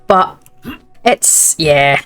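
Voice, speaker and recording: A woman's voice: low voice, very slow, a bit bright, soft background music. A woman with a Scottish accent, rambling in casual chat while she plays a game. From Scotland. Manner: rambling, chatty. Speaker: gaming video creator.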